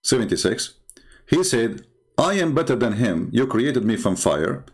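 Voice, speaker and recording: Man, gravelly creaky voice, arguing loosely with lots of uh and restarts. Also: medium pitch, big pitch swings. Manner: argumentative, halting, many fillers and restarts. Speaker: religious commentator. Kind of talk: unscripted screen-share talk.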